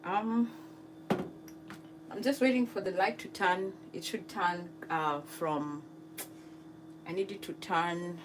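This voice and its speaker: A woman's voice: fairly low pitch, fairly even intonation, background noise. A woman hosting a cooking livestream, chatting casually with viewers, laughing often and trying out French phrases. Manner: unhurried, with many fillers. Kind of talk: casual live chat with viewers.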